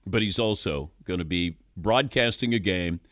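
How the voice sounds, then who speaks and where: A man's voice: low voice, normal speed, a bit bright, no room sound, clean studio sound. A middle-aged man hosting a sports talk radio show, wry and questioning, chuckling often. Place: radio studio.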